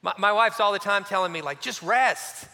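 A man delivering a sermon with a high, ringing voice. He tells stories with animation, then sinks into a soft hush. A long hall reverb hangs after each phrase. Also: fast, gravelly. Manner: animated storytelling with sudden drops to a soft near-hush. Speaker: pastor.

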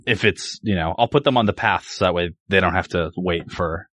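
A man playing a tabletop game who talks in a halting, rambling way, full of restarts. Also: low voice, a bit bright, dry recording, studio quality. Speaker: player. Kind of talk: casual tabletop game play.

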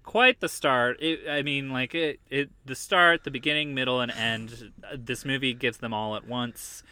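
A man's voice: mid-range voice, moderate pace, pushed and bright. A young man hosting a podcast about films, chatting casually and joking with many fillers. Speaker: podcast host. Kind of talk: casual chat.

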